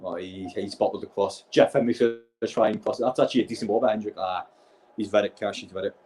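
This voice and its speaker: A man's voice: on the low side, steady tone, a little mellow. A young man, giving exasperated, sweary live reaction commentary as a football fan streaming a match. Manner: exasperated, sweary, fast-shifting rants.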